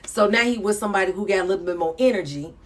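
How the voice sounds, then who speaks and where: A woman, reacting to a video in an animated, preachy way with laughing asides. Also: medium pitch, very fast. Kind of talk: reaction commentary.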